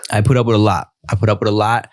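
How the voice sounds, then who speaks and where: A man's voice: lowish voice, rapid-fire. A man hosting a podcast in casual chat, telling stories and acting out the dialogue in them. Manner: animated storyteller acting out dialogue. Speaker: podcast host.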